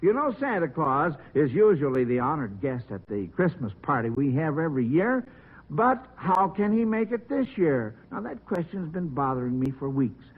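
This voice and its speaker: Male quiz host, 1940s radio: husky, high voice, folksy enthusiasm, tinny old broadcast sound. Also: sing-song, moderate pace. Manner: folksy and enthusiastic, many exclamations.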